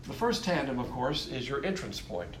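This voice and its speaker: A man's voice: mid-range voice, very animated, moderate pace, a bit bright, a little hiss or hum. A man teaching a Bible lesson from diagrams, explaining in a blunt, emphatic way.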